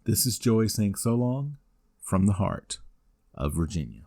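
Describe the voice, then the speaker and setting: A man in his forties, a wrestling podcast host, narrating a scripted recap in steady play-by-play with dry asides. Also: lowish voice, unhurried, creaky, very noisy. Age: 40s.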